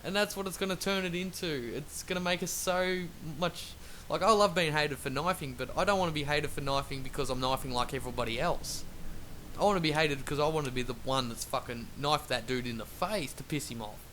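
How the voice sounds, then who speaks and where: A man's voice: on the high side, brisk, sharp tone. Angry, foul-mouthed male gamer ranting. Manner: angry, profane, rambling. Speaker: gaming YouTuber. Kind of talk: angry rant over gameplay. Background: faint traffic noise.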